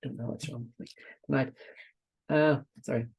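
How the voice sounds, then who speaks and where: A middle-aged coaching trainer with a Dublin Irish accent leads a live online session. The voice is gravelly and a little husky, sitting in a middle register. The delivery rambles and repeats itself, with frequent side remarks. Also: mid-range voice, steady tone, brisk, a little mellow. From Ireland. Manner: rambling, repetitive, breaks off into asides.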